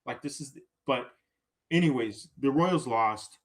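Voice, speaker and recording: A man in a casual podcast chat, spinning a long anecdote. He acts out the people he quotes and keeps checking in with "right?". His voice sits in a middle pitch. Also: unhurried. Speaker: podcast guest. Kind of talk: casual storytelling.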